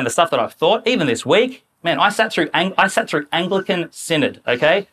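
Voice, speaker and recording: A man preaching a sermon in a church, talking in a lively, conversational way and acting out quoted voices. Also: sits high.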